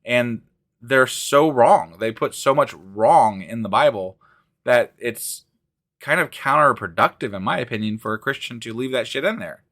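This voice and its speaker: A man's voice: mid-range voice, animated, moderate pace, bright, forceful tone. Exasperated swearing man co-host. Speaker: podcast co-host. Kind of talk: casual podcast banter. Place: living room at home.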